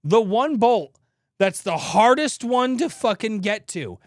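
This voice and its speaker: A man in his thirties tells rambling comic stories on a podcast, acting out his own grumbles with plenty of swearing. His voice sits high for a man and is recorded close and dry. He jumps between quick bursts and slower stretches. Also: animated, no room sound. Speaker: podcast co-host. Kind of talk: casual comedic storytelling.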